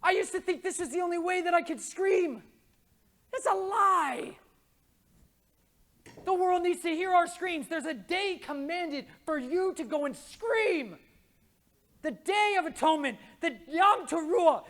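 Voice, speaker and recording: A man speaking at a conference, preaching with passion in casual slang. He swings from hushed asides to shouted pleas. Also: very high voice, animated, measured pace. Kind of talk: impassioned religious talk. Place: conference stage.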